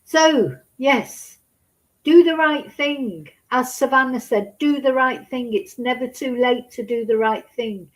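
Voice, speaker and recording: A woman's voice: fairly high pitch, unhurried, hardly any pauses, low-quality recording. A woman gives casual true crime commentary, indignant and sarcastic, scolding as she talks.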